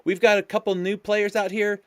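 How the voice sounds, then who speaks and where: Commentating a sim race live, this host is hyped, loose and chatty with his viewers, using plenty of fillers. His voice is high, a bit bright and fairly quick, yet flat in delivery, with no room sound.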